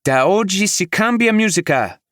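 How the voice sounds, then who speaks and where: A man voicing a middle-aged mother who scolds in Italian, then turns soft. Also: sits high, expressive, normal speed, dry recording, studio quality, pitched above the performer's own voice. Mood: scolding.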